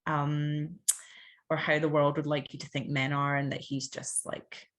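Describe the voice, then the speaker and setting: A woman's voice: low voice, little pitch movement, measured pace, a bit bright. A Scottish woman in her thirties, a podcast guest talking candidly and animatedly, full of fillers and quoted asides. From Scotland. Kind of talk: candid conversational interview.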